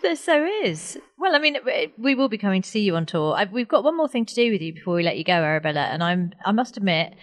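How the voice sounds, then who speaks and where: A woman from Britain co-hosting a chat show, gushing and quick to laugh. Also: medium pitch, animated. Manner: warm, gushing, laughs easily. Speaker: co-host. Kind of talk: casual chat.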